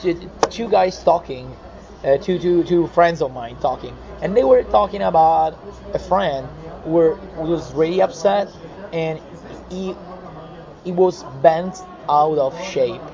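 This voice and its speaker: A man's voice: on the high side, a little slow, creaky, mellow. A man being interviewed about his comic art in a casual chat, telling stories animatedly with many restarts and repeated words. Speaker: comic artist guest. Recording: muffled recording with busy crowd.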